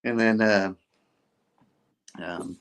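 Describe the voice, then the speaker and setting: A man's voice: lowish voice, drawn-out words, smooth. A man hosting a show, casually recapping a story with lots of fillers. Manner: animated, full of fillers. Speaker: host.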